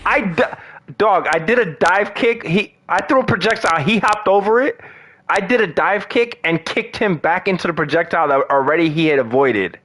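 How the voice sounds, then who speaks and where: Brief: young male streamer, high-pitched and excitable, swears and yells through live play. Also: moderate pace. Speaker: gaming streamer. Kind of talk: live gameplay commentary.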